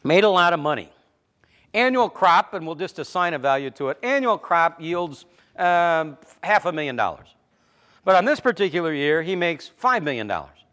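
A male pastor preaching a sermon, emphatic, repeating words as he builds a point and dropping to low, quiet asides. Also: expressive, fairly quick.

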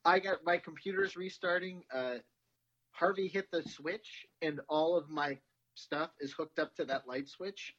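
A man's voice: on the high side, a bit bright, muffled recording. A man, co-hosting a podcast in easygoing, agreeable casual chat. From Midwestern United States. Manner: easygoing, agreeable, quick to laugh along. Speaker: podcast co-host.

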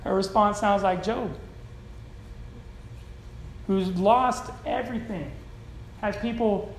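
A preacher giving a sermon to a congregation in a church hall, talking in a conversational style with casual slang and swinging between loud and soft. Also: medium pitch, slow, long pauses, slight background noise. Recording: roomy hall echo.

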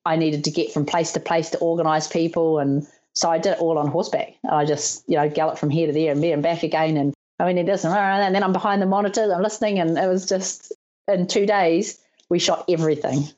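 A New Zealand stunt performer in her thirties, speaking a little fast in a low voice, tells stories in a casual interview. She's animated, laughs often, and acts out the lines of people she quotes. The highs are cut off in the recording.

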